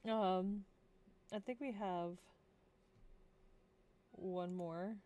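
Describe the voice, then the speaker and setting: A woman's voice: medium pitch, steady tone, drawn-out words, warm tone, lo-fi sound. A tired woman streaming a worldbuilding session, chatting casually, giggling often and talking to her pets.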